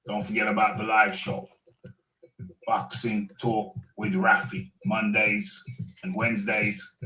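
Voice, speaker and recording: A man's voice: on the low side, completely flat delivery, takes it slowly, pushed and bright, reverberant, low-quality recording. A male boxing talk show host giving laid-back, wry running commentary in a recorded segment.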